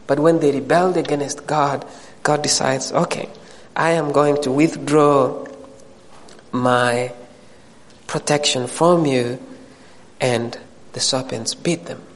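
A man's voice: medium pitch, steady tone, slow, pauses often, in a large hall, low-quality recording. A man preaching a sermon to a congregation, addressing them directly and rising into emphatic questions.

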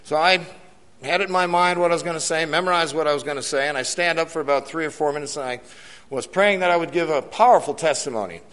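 A man's voice: a little high, fast, fairly bright tone. A man, a church elder, giving an earnest sermon testimony to a congregation, repeating key lines and putting questions to the crowd. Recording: long reverb of a church hall.

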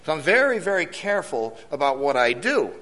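Man, higher-pitched voice, earnest testimony, repeats phrases for emphasis, jail chaplain. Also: big pitch swings, fairly quick, fairly bright tone. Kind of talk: testimony talk to a church committee.

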